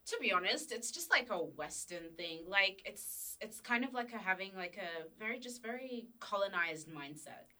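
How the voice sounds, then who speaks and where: A young woman chatting casually, often pausing to search for her words. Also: mid-range voice, lively intonation, sharp tone, low-quality recording. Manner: hesitant, searches for words, many fillers. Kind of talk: casual chat.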